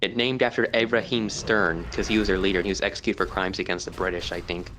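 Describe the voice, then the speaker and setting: A man with a lowish voice who talks quickly and corrects people with facts. Faint background noise sits under him. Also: fairly even intonation, fairly bright tone. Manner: corrective, informative. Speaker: panelist. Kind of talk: casual discussion.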